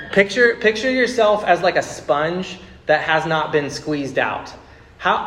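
The echoey room is a church sanctuary, where a pastor in his thirties preaches to his congregation. Speaking casually, he repeats words and builds to emphatic bursts, his voice on the high side and fairly bright.

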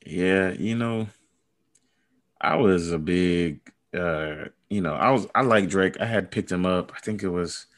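A man's voice: low-pitched, unhurried. A man co-hosting a casual podcast chat, easygoing and a bit hesitant, with many fillers. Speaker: podcast co-host. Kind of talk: casual fantasy football chat.

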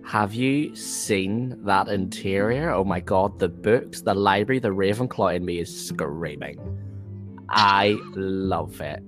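A man's voice: deep voice, takes it slowly, fairly bright tone, soft background music. A man, a podcast guest, chatting playfully and theatrically. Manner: playful, theatrical, bursts into quoted voices. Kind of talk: casual chat.

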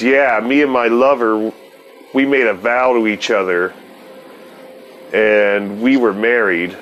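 A man's voice: medium pitch, fairly bright tone, a little hiss or hum. A man telling a long, rambling personal story in casual, profane talk, laughing now and then.

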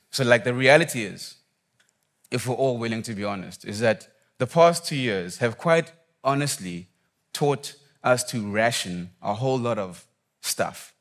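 A man's voice: fairly low pitch, a bit bright. A young man preaching in a casual, conversational way, reading scripture, praying and telling a personal story with slang and fillers.

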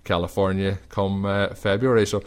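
A man's voice: deep voice, level tone, clear, resonant tone. A man hosting a sports podcast, chatting casually through game picks with plenty of fillers. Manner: chatty, quick predictions with fillers. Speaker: podcast host. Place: recording while travelling.

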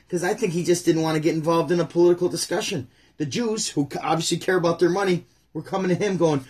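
A man from upstate New York hosts his own livestream, talking bluntly and casually with viewers. His voice is husky and sits fairly high, and he rants with easy, chatty directness. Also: steady tone, fast, darkish tone. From Syracuse, New York. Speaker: channel host.

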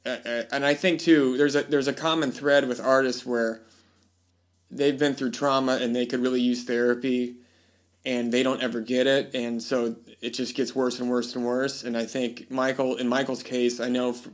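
A male podcast host at an average pitch, talking in a loose, rambling way. He restarts sentences often and slips into voices when he quotes people. It is an easygoing, casual conversation. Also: little pitch movement, normal speed. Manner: rambling storyteller, many fillers and restarts. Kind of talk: casual chat.

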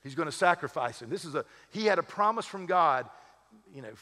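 A male pastor with a slightly higher voice preaches in a loose, conversational way, mixing humorous asides into his teaching. His voice carries a long reverb from a church sanctuary. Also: lively intonation, fairly quick, pushed and bright. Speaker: lead pastor. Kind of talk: sermon.

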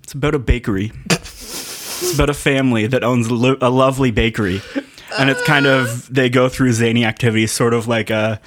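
A man's voice: mid-range voice, steady tone, a little fast, a bit bright. Playful man inventing silly answers. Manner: playful, makes up absurd answers with a straight face. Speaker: podcast co-host guessing show plots. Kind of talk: casual chat.

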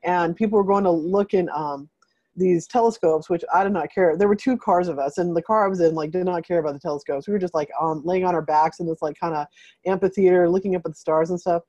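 Woman, rambling casual storyteller, mellow dark tone, dry close sound, video call. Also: on the low side, quick pace, no room sound, dull audio. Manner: rambling, filler-heavy, animated retelling. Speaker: host of a group video call.

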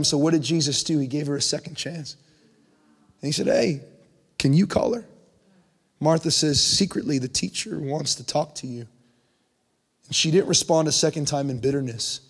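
Young male preacher in a reverberant hall. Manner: conversational preaching, rising pitch for emphasis. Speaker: pastor. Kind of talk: sermon.

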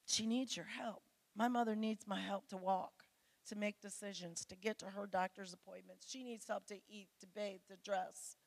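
A woman's voice: mid-range voice, steady tone, normal speed, creaky, dry recording. A middle-aged woman preaching a sermon to women, earnest and pleading as she speaks straight to her listeners.

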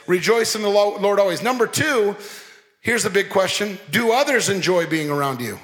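Man, pastor preaching, playful and animated, high voice, echoing hall reverb. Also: moderate pace. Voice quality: animated, playful, mimics people. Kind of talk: sermon.

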